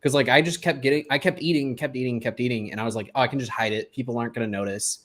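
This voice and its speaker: A man's voice: medium pitch, very fast. A man co-hosting a podcast, talking candidly and casually with light laughs. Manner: relaxed, candid, laughs between thoughts. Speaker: podcast co-host. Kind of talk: casual chat.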